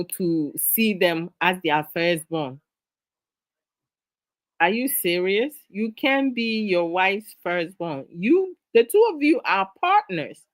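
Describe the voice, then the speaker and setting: A woman's voice: mid-range voice, fairly bright tone, no echo. A middle-aged woman hosting a live discussion, lecturing her viewers with exasperation and frequent laughter. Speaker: host of a live discussion stream. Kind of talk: casual live-stream talk to viewers.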